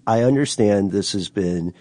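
A man co-hosting a podcast in casual chat, teasing and animated as he steers the talk. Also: on the low side, moderate pace, dry recording. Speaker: podcast co-host.

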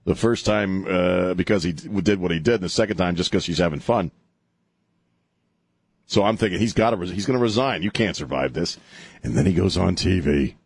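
A man's voice: low-pitched, a little fast, slightly rough, no echo. A middle-aged man hosting a talk radio show, rambling and joking in casual banter from a studio mic. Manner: rambling, jokey, animated, lots of laughs and filler. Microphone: studio microphone.

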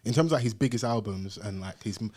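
A man's voice: lowish voice, quick pace, darkish tone. A young man co-hosting a podcast in casual, joking chat. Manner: joking, playful banter with frequent laughs. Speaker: podcast co-host.

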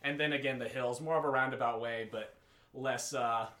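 Bright-voiced man running a tabletop game. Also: medium pitch, steady tone, normal speed. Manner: rambling, hesitant, full of fillers. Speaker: game master.

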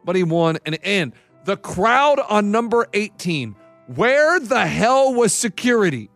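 A man hosting a casual sports talk show, telling stories in an excitable, animated way. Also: high-pitched, a little slow, no echo, soft background music.

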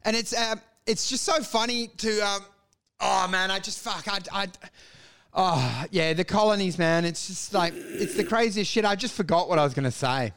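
Australian guy, high-pitched, loose sweary banter, co-host of a comedy chat. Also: moderate pace, a bit bright, clear, resonant tone. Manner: swears freely, laughs through his jokes, puts on mock voices.

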